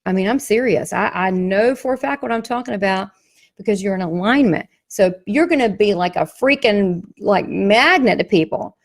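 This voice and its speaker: A woman's voice: medium pitch, normal speed. A woman with a Southern US accent, a psychic medium promoting her class, talking in an emphatic, folksy way. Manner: emphatic, folksy, animated storytelling. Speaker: psychic medium, workshop host. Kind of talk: motivational promo talk.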